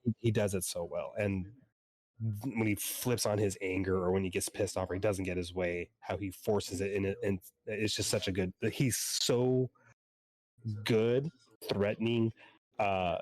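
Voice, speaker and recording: A man's voice: fairly low pitch, fairly even intonation, unhurried, darkish tone, no echo. A man co-hosting a podcast, chatting casually and rambling enthusiastically, with a casual swear here and there. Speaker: podcast co-host. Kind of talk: casual chat.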